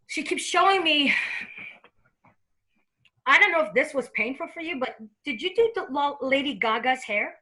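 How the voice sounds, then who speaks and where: A woman's voice: high voice, lively intonation, normal speed, long pauses, bright, forceful tone, poor audio. A woman giving a psychic medium reading, chatting and laughing as she acts out a spirit's words. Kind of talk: live reading conversation.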